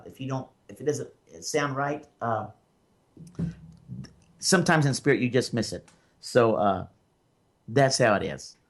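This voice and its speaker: A Memphis, Tennessee man with a Southern accent hosts a call-in radio show as a psychic medium. His voice is mid-range and fairly bright, and he tells stories in a rambling way, full of fillers.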